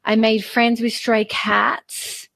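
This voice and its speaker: A woman in her forties, a guest in a personal interview, speaking haltingly and repeating words as she opens up. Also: a little high, level tone, gravelly, a bit bright. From Australia.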